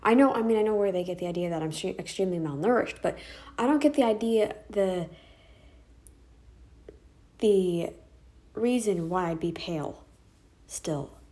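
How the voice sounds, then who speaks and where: Upset woman venting in a mellow voice. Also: mid-range voice, normal speed, pauses often. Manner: upset, venting, with restarts and sighs. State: tearful, exhausted. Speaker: vlogger. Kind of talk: emotional personal vlog rant. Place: bedroom, indoors.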